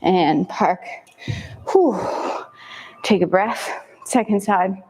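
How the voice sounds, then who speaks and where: A woman fitness instructor calmly cueing a kettlebell workout with short step-by-step commands, breathing hard between sets. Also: on the high side, takes it slowly.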